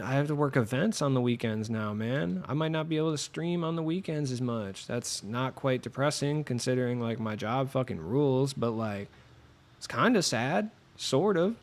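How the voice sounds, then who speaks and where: A man streaming a basketball video game, chatting casually and excitably with viewers, cursing as he plays, with a voice a little lower than usual from being sick. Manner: swearing, excitable, talks to chat while playing. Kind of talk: casual gaming stream chat.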